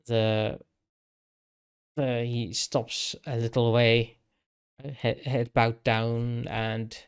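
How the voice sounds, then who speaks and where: A man runs a tabletop game, speaking slowly and haltingly. He often stops to search for words while he describes the scene. His pitch sits in an ordinary middle range. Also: little pitch movement, clear, resonant tone. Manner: slow and hesitant, many pauses and fillers. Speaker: game master.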